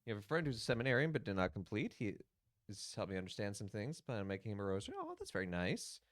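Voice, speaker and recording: A man's voice: on the low side, wildly swooping pitch, fast, no echo, studio quality. A man, a priest, giving casual, rambling commentary while streaming a video game, with many fillers.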